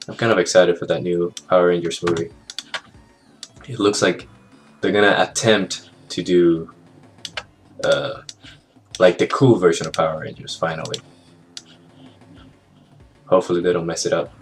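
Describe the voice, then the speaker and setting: A man walking through an animation software tutorial in a casual, think-aloud way, with fillers and small jokes. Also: deep voice, little pitch movement, normal speed, pauses often. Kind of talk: screen-recorded software tutorial narration. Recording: clear background music under the voice.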